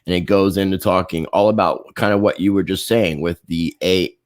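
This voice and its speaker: Deep-voiced man reading articles aloud. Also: steady tone. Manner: reads articles aloud haltingly. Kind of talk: casual chat.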